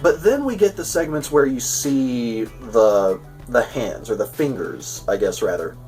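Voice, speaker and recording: A man talks through a TV episode review in a loose, chatty way, often stopping and restarting his sentences. His voice sits at an ordinary middle pitch. He is a little distant from the mic, with faint music underneath. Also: lively intonation, unhurried, a little mellow. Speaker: show host reviewing an episode. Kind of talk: casual spoken episode review.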